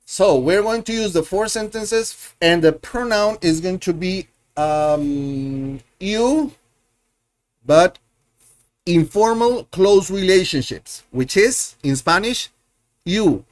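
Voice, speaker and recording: Guy teaching spanish online, kinda high voice, talks slow, repeats stuff a lot and fixes himself mid-sentence. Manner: patient, repeats words and drills learners; self-correcting, thinks aloud. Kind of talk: live online language lesson.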